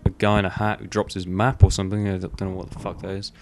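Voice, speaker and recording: A man's voice: deep voice, little pitch movement, fast talker, a little mellow, slight background noise. A young man giving casual, rambling gameplay commentary, swearing offhandedly and filling gaps with "um" and "like". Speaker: gaming video host.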